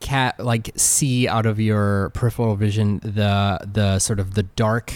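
A man narrating as game master for a tabletop game, halting with many fillers. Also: lowish voice, level tone, dry recording.

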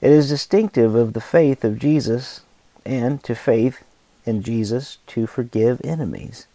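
A man reads a reflective devotional passage with a measured, emphatic delivery and deliberate pauses. His voice is warm and mellow, with a gravelly texture. The sound is dry and close. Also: mid-range voice, no echo. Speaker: podcast host reading a book excerpt.

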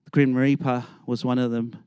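A man's voice: mid-range voice, level tone, moderate pace, mellow, clean tone, dry recording. A middle-aged man, preaching a storytelling sermon and acting out the voices of the people in his stories. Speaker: pastor.

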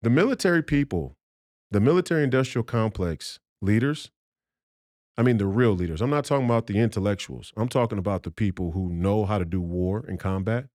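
A man's voice: fairly low pitch, animated, brisk, a little mellow, no room sound, studio quality. A man talking as a podcast guest in a heated, profane rant, emphatic and combative, often restarting his sentences.

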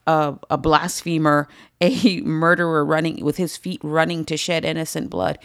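Woman Bible study teacher, low gravelly voice, emphatic, dry close sound. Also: normal speed, a bit bright, dry recording. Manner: emphatic, repeats phrases for stress.

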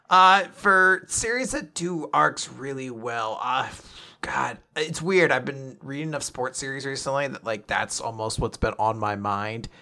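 A man's voice: medium pitch, measured pace, vocal fry, pushed and bright. A man co-hosting a podcast in casual chat, joking, laughing often and swearing freely. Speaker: podcast co-host.

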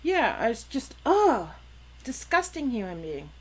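A woman chatting casually on a podcast, recounting a story in halting bits with fillers and restarts. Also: a little high, big pitch swings, breathy edge. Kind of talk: casual chat.

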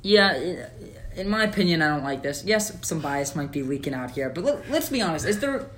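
A man co-hosting a casual sports podcast, opinionated and animated, with lots of fillers. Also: fairly high pitch, brisk, slight background noise. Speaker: podcast co-host.

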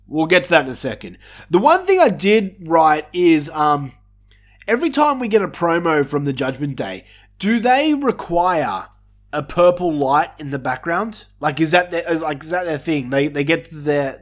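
A man talks through a wrestling event in a loose, unscripted review. His voice sits a little high for a man, and his delivery is sarcastic and full of casual swearing. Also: lively intonation, moderate pace.

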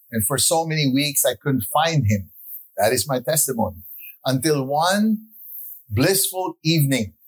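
A man's voice: mid-range voice, husky, low-quality recording. A man in his sixties giving an earnest, reflective personal testimony in a sermon, with frequent "you know" asides. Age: 60s.

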